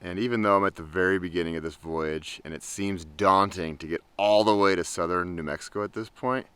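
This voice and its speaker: A young man vlogging from his tent, telling a story in a lively, casual way and laughing often. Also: low-pitched, a little fast, smooth, dry recording. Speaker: travel vlogger. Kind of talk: casual vlog monologue. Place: tent in the wilderness.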